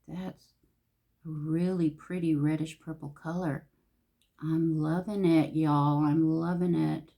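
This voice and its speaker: Woman, somewhat low voice, casual makeup tutorial chat, gushing, talks to herself. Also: steady tone, slow pace, gravelly, dark tone. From Los Angeles, California. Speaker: beauty vlogger.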